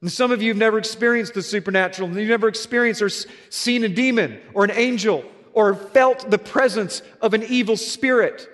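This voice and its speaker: High-voiced preacher in an echoing hall. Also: male voice, fairly quick, hardly any pauses, a bit bright. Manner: earnest storytelling with emphatic repetitions. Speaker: pastor. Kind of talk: sermon.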